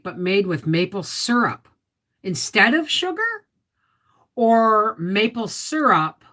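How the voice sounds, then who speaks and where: Canadian woman, low voice, casual livestream host chatting with her viewers. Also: a bit bright. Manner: chatty, reads viewer comments aloud and answers them.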